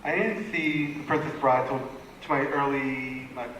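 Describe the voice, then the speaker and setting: A man's voice: mid-range voice, measured pace. A man in the audience casually and earnestly asking the panel a question. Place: large convention hall. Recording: echoey convention hall with noise.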